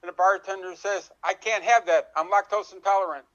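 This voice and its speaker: A man, an improv player, telling jokes in a rapid, clipped way. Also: sits high, steady tone, a bit bright. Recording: dull lo-fi audio.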